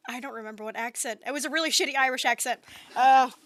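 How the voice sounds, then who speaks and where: A woman's voice: high-pitched, a bit bright. A woman player in a tabletop role-play stream, chatting casually and joking at her own expense. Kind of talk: casual game banter.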